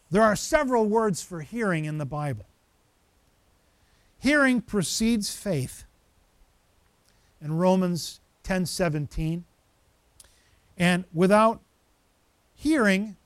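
A male pastor preaching a conversational sermon, lively and animated, with frequent asides to the congregation. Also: high voice, dry recording.

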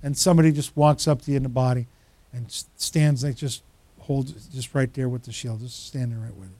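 A man preaching a sermon as pastor, animated and storytelling, acting out the voices of the people he quotes. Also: mid-range voice, brisk, dry recording.

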